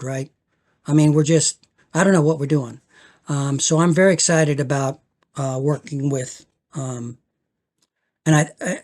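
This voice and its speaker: Earnest older man, halting and heartfelt. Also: a little high, a little mellow. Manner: earnest, searching, with many restarts and repeated words. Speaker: podcast guest, men's spirituality elder. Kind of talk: reflective spiritual conversation.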